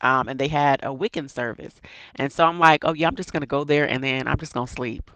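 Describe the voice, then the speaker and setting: A woman from Washington, D.C., a bag designer talking casually as an interview guest, relaxed with many ums. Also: a bass voice, brisk, no echo, low-quality recording.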